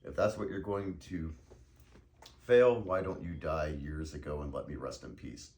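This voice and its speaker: A man's voice: rumbling low, brisk, creaky, a little mellow. A man voicing the ghost of a Spanish swordsmith father, scolding in a raised voice. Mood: reproachful.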